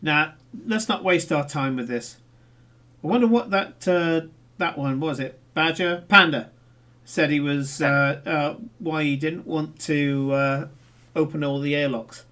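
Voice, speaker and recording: A man's voice: on the high side, measured pace, fairly bright tone. Man laying out plans as a player. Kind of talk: casual tabletop role-play.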